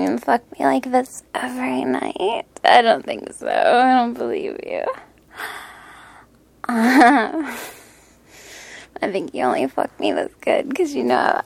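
Young woman playing a teasing lover, whispered role-play, high voice, slow and breathy, gravelly fry, dry close mic. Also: darkish tone, no room sound, heavily acted.

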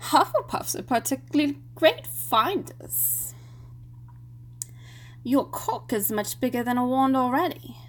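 A woman's voice: high-pitched, animated. A woman playing a teasing young student witch.

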